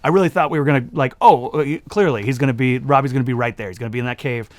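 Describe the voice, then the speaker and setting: A man reviewing a movie in a casual vlog, sarcastic and animated, laughing at his own jokes. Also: mid-range voice, racing, no room sound.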